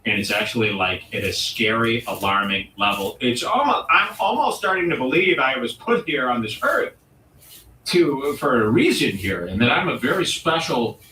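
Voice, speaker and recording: A man hosting a comedy show and delivering a provocative, mock-serious rant with dramatic pauses. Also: mid-range voice, lively intonation, pushed and bright, a little hiss or hum. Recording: roomy echo, distant mic.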